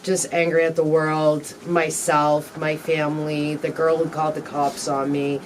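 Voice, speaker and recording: A woman as an interview guest, telling her personal story candidly in a halting, reflective way with frequent pauses and ums. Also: low-pitched, little pitch movement, far from the mic, a little hiss or hum.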